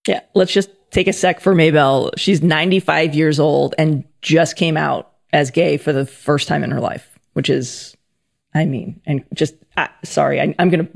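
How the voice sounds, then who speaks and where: A male interviewer with a slightly high voice and a gravelly edge asks his questions. His manner is earnest and chatty. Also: steady tone, moderate pace.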